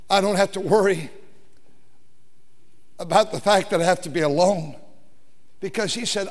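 A man with a very high voice preaches to his congregation, swinging between loud, fervent repetition and hushed near-whispers. He breaks into snatches of hymn singing mid-sermon. The sound rings with the long reverb of a church sanctuary. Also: normal speed, pauses often. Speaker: pastor.

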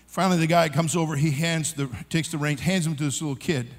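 Animated preacher in a big hall. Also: male voice, on the high side, fast. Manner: animated storytelling, shouting and laughing. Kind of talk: sermon with a comic story. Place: large conference hall. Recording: long hall reverb.

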